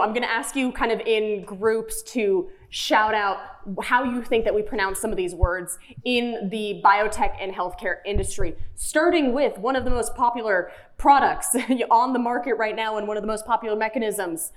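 A woman's voice: fairly high pitch, normal speed. A woman hosting a live podcast on stage, playfully quizzing the audience. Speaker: podcast host.

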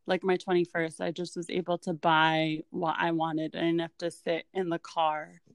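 A woman's voice: lowish voice, little pitch movement, moderate pace, dry recording, clean studio sound. A young woman in a casual chat, speaking in an easygoing way. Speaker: podcast co-host.

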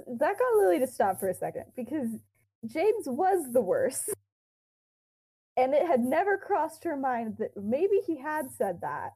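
A woman's voice: on the high side, dark tone, husky, poor audio. A young woman co-hosting a podcast, casually retelling a fan-fiction story with quoted dialogue, lots of fillers and giggles.

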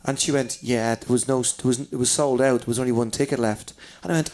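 A man's voice: mid-range voice, fast talker, hardly any pauses. A man, a comedian telling stories in a casual chat, swearing freely and acting out the people in his tales. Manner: swears freely, animated storyteller acting out voices. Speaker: comedian guest. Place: downstairs in a pub.

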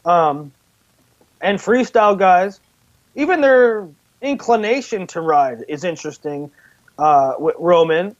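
A man in a casual sports talk, speaking in an animated, stop-start way. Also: sits high, takes it slowly. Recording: dull lo-fi audio.

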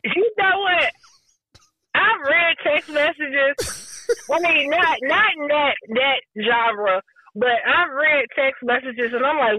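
A woman's voice: high voice, slow, bright, forceful tone, no room sound, low-quality recording. Woman, 40s, podcast guest, blunt, slangy, dry close sound. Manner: blunt, slangy, laughs easily. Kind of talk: casual podcast chat.

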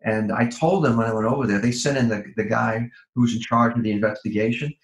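A man's voice: mid-range voice, fairly even intonation, fast talker, reverberant, poor audio. An older man, a guest on a podcast, telling rambling stories from his career with many restarts and fillers. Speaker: guest, former criminal profiler. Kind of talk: podcast interview storytelling.

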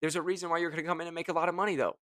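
An energetic host gives a casual motivational talk in a fairly high voice, racing along and joking as he acts out what other people might say. The sound is dry and close, with no room sound at all.

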